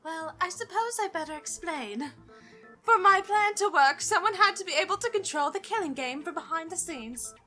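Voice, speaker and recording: A woman's voice: high voice, expressive, fast talker, sharp tone, soft background music. A woman voicing a haughty teenage girl mastermind who lectures like a teacher, condescending and theatrical. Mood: smug lecturing. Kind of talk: fan voice-acting over a game.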